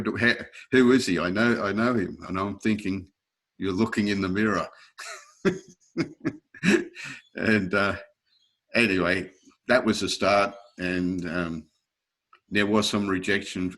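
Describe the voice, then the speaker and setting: A man, a guest telling stories in an interview, acting out other people's voices and laughing often. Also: low-pitched. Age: 60s. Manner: lively anecdotes, acting out quoted voices, frequent chuckles. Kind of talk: storytelling in a casual interview.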